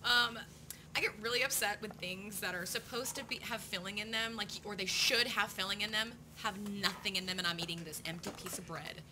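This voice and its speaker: Woman, podcast co-host, chatty and giggly, mid-pitched voice, noisy recording. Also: brisk. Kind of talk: casual comedy podcast chat.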